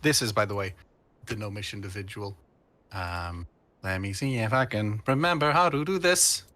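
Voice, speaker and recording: A man's voice: fairly low pitch, normal speed, bright, forceful tone, dry recording. A man narrating as game master of a tabletop game, rambling with many fillers.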